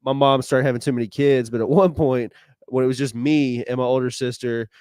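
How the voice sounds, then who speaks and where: A man's voice: medium pitch, steady tone, brisk, darkish tone, clear, resonant tone, dry recording. A man co-hosting a live podcast, telling a personal family story in a rambling way with many restarts. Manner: rambling, restarts mid-sentence. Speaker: podcast co-host. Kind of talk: casual chat, personal story.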